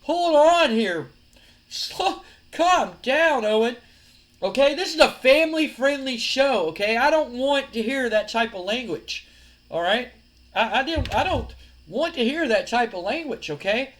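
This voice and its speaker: A man's voice: high-pitched, very animated, normal speed, a bit bright, voice pushed up. A man voicing a defensive male wrestler who stalls and makes excuses. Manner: whiny, stalling, placating.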